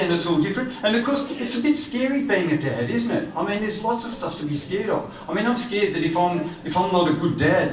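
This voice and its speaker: A middle-aged man doing a stand-up comedy set, chatty and teasing the crowd. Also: high-pitched. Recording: echoey room, distant from the mic.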